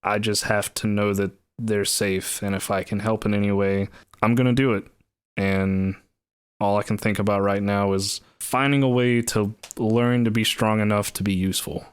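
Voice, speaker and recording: Male game player, lower voice, smooth, earnest in-character talk. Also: steady tone, moderate pace, dry recording. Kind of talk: casual in-character play.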